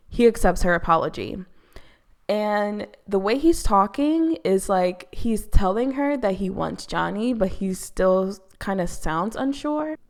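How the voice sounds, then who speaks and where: A woman's voice: medium pitch, creaky, darkish tone. A woman hosting a casual TV recap, talking in a chatty, gossipy way full of fillers. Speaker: YouTube commentary host.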